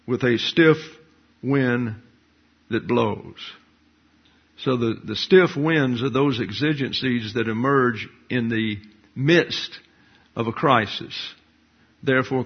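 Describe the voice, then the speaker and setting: An older male pastor preaching a sermon in a measured, explanatory way, asking rhetorical questions. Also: mid-range voice, husky. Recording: dull lo-fi recording.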